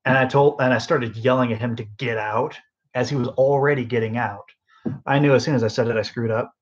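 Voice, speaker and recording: A man's voice: medium pitch, fairly even intonation, brisk, lo-fi sound. A young man telling a work story in a loose, rambling way, full of fillers and side remarks, sleep deprived, recorded on a phone sitting on a bedside table. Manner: rambling, lots of fillers and asides. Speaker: podcast host. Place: bedroom, phone on end table.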